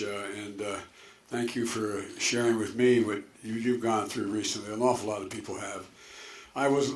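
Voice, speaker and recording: An older man from Delaware giving a campaign speech to a crowd, a folksy, rambling storyteller with chuckles and asides. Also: on the low side. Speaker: political candidate. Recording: echoey hall with faint noise.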